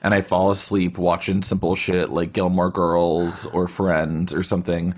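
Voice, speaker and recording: A man's voice: low voice, level tone, unhurried. A man telling a story casually over a video call, rambling with lots of filler words. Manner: rambling, filler-heavy, frequent "like". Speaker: guest storyteller.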